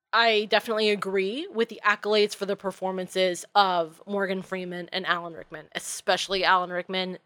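A woman's voice: medium pitch, a bit bright, dry recording. A woman from New England co-hosting a casual movie review podcast, giving enthusiastic, opinionated takes and laughing often. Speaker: podcast co-host.

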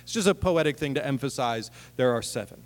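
A man's voice: medium pitch, animated, a little fast. A man preaching a sermon in a conversational way, acting out quotes with humor. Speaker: pastor. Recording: long hall reverb.

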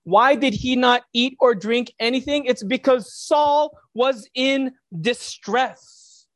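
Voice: high-pitched, takes it slowly. A preacher delivering a reflective sermon, posing rhetorical questions to the listeners.

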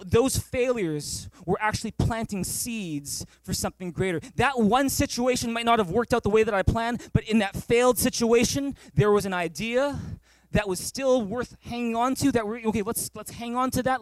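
A man's voice: very high voice, no room sound. A male pastor preaching a sermon at a church service, emphatic and repetitive, calling for amens.

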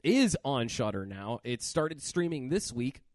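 A man hosting a casual horror movie podcast, talking in a profane, animated rant. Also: medium pitch, a little slow, no room sound, studio quality. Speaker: podcast host.

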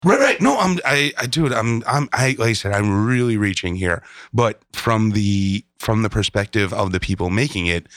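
A man's voice: fairly low pitch, moderate pace, hardly any pauses, a bit bright, dry recording, studio quality. A man co-hosting a podcast in casual chat, laid-back, hedging often and swearing freely. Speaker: podcast co-host.

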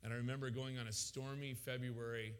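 A man preaching a sermon, telling his story with animated loud peaks and frequent stammered restarts. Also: medium pitch, fairly quick, smooth. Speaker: pastor. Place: church sanctuary. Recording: long hall reverb.

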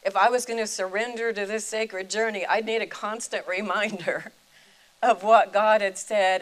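An older woman, a retired chaplain and preacher, telling a personal faith story in a deliberate, reflective way. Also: medium pitch, fairly even intonation, low-quality recording.

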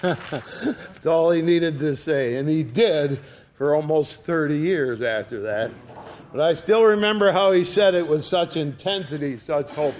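A man's voice: a little high, lively intonation, unhurried, darkish tone. An older retired man preaching a sermon in a folksy storytelling way, giving quoted lines a dramatic reading. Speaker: pastor.

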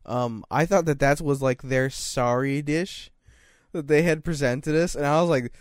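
A man's voice: fairly high pitch, unhurried, dry recording, clean studio sound. A young man in casual chat, laid-back and slangy, swearing as he tells his side of the story.

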